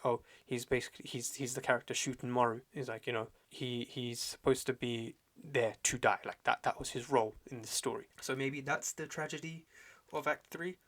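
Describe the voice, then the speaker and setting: A young man at a medium pitch talks through a story in casual podcast chat. He is slangy and animated, and full of fillers and quick restarts. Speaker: podcast host reviewing a manga chapter.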